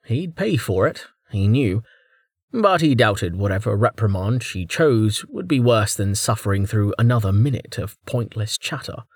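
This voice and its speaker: Male narrator, animated and dry-sounding, expressive fantasy reading. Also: fairly low pitch, a little slow, husky, dry recording. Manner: expressive storytelling. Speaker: audiobook narrator. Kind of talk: scripted narration.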